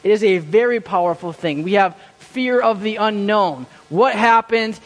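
High-voiced pastor in an echoing church. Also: male voice, normal speed. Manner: storytelling with quoted inner voices, repeats words. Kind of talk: sermon. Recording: church hall with long reverb.

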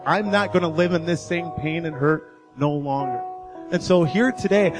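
Male preacher telling a story. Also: high voice. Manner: storytelling preacher, rising intensity, urgent appeals. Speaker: guest speaker. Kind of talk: sermon. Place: church sanctuary.

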